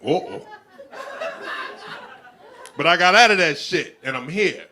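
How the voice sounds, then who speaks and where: A male stand-up comedian telling stories on stage in a loud, animated way. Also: fairly high pitch, a little fast. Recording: comedy club with a laughing crowd.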